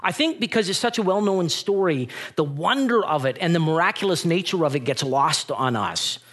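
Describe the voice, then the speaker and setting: A middle-aged man preaching a sermon, telling stories with animated energy and acting out the voices of the people in them. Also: a little high, moderate pace. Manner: animated storytelling, acts out voices in retellings. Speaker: pastor.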